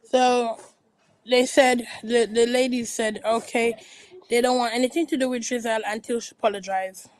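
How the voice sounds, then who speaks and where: A woman's voice: fairly high pitch, steady tone, normal speed, poor audio. A woman giving a rambling, gossipy recap of a reality TV show in a casual chat. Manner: rambling, gossipy, frequent restarts. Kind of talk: casual chatty commentary.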